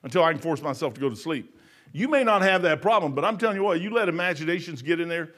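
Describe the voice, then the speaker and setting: A man's voice: on the high side, lively intonation, fast talker. Older man preaching folksy. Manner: storytelling, emphatic, swings from mutter to loud. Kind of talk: folksy sermon.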